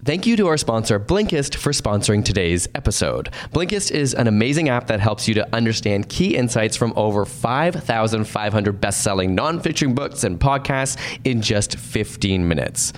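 A man reading a podcast sponsor message with upbeat promotional energy. His pitch moves in a lively way over a faint low rumble. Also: moderate pace, few pauses. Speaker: podcast host. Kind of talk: sponsor read.

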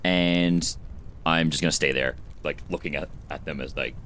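A man's voice: extremely low pitch, fairly even intonation, moderate pace, a bit bright, slight background noise. A man playing a tabletop game, speaking hesitantly with many ums. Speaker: player. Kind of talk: casual tabletop play.

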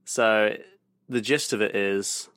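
A man's voice: on the low side, steady tone, takes it slowly, a bit bright, smooth. A man co-hosting a podcast, telling a story in casual chat and laughing often as he goes. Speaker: podcast co-host.

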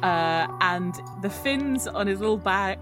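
A woman game master narrating an underwater adventure scene, pausing on fillers as she goes. Clear music runs behind her voice. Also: mid-range voice, lively intonation. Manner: hesitant, frequent fillers, laughs often.

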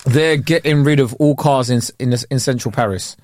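A man's voice: medium pitch, moderate pace, darkish tone, dry recording, studio quality. A man with a London accent, co-hosting a podcast in casual chat, laid-back and slangy, often restarting his words. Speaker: podcast co-host.

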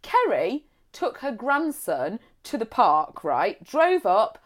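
A woman's voice: on the high side, big pitch swings, slow pace. A woman, telling a funny story in a casual chat and laughing often.

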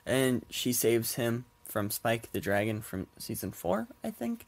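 A man's voice: medium pitch, very animated, unhurried, few pauses. A man hosting a casual solo podcast at home with a stuffy nose, rambling, laughing often and swearing offhandedly. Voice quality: congested, nasal. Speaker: podcast host. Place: at home with his cats.

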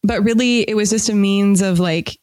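A young adult woman, a podcast guest, explaining her show in a thoughtful, casual way with many pauses and small laughs at herself. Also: medium pitch, steady tone, a little mellow, no echo. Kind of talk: casual interview talk.

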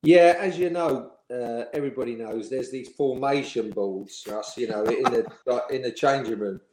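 Chatty ex-footballer telling stories, echoey. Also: male voice, medium pitch, normal speed, a little mellow. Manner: chatty storyteller, laughs while telling. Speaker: former professional footballer, interviewee. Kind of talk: anecdotal interview chat. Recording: roomy echo.

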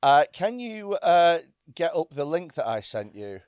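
A man co-hosting a comedy podcast, chatting casually with quick, teasing one-liners. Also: a little high, sing-song, a little mellow, smooth, no room sound, studio quality. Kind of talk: casual banter.

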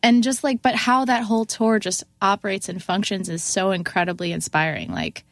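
Animated young woman telling a story. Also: mid-range voice, normal speed, creaky, dry recording, clean studio sound. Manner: animated, acts out quotes in a raised voice, many fillers of "like". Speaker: guest musician. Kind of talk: casual storytelling in a podcast chat.

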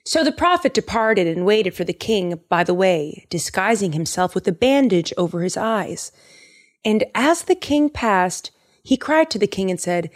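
A woman's voice: mid-range voice, sing-song, moderate pace. A woman in a mid-range voice casually retells bible stories. She jokes as she goes and fills her speech with "uh" and "like," which makes it sound like easygoing talk. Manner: chatty, joking, many fillers.

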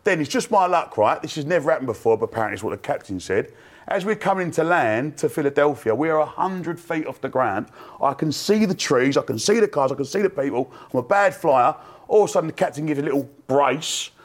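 A man's voice: a little high, lively intonation, a little fast. A man, telling a long anecdote breathlessly and laughing as he goes on a fan panel. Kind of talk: animated storytelling.

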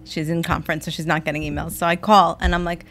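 A woman co-hosting a podcast in casual chat, reacting quickly and telling her side of a story. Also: fairly low pitch, level tone, fairly bright tone. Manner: reactive, fills in with quick agreement. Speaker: podcast co-host.

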